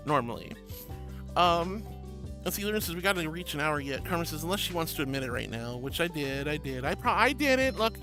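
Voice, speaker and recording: A woman streaming casually, reading chat aloud in an affectionate, giggly way, calling viewers sweetie and honey and often repeating herself. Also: on the low side. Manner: rambling, repeats phrases. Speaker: VTuber streamer.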